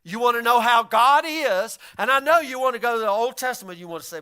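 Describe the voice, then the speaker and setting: A man preaching a sermon as pastor, in a conversational style that rises to shouts and drops low. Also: brisk, few pauses, clean tone.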